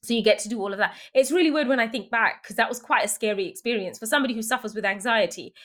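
A woman being interviewed, telling lively anecdotes with laughter and quoted voices. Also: on the high side, very fast. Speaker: guest. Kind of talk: casual storytelling interview.

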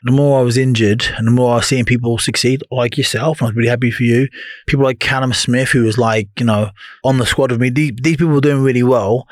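A man chatting as a guest on a podcast, telling stories with lively energy and swearing freely. He acts out what others said to him. The sound is dry and close, as in a small studio. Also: medium pitch, fast, no room sound. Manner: animated storyteller, swears freely, acts out quotes. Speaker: podcast guest, former boxer. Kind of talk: casual podcast chat.

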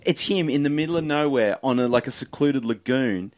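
Australian man, casual chat, quick pace, lively pitch, dry close sound. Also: dry recording. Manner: quick, animated storyteller with swearing.

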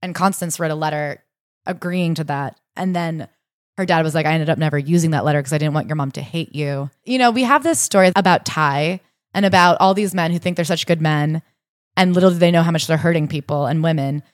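Female podcast co-host, fast and animated retelling, slightly low voice, dry booth sound. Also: no room sound. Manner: animated storytelling, acts out quotes with rising indignation. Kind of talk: casual book discussion.

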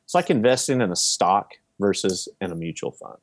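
A man's voice: lowish voice, animated, brisk, no room sound, studio quality. A man on a podcast explaining his real estate investing in a casual, example-filled way.

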